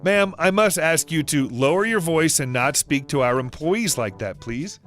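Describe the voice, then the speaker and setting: A man's voice: a little high, lively intonation, moderate pace, a bit bright, faint music behind. A man voicing a young man who poses as store staff, speaking formally and courteously to a rude customer. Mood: polite.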